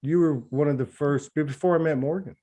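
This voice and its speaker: A man's voice: a little high, fairly quick, warm tone. A man hosting an online spiritual talk livestream, speaking casually and emotionally, rambling with restarts as he greets a guest on a video call.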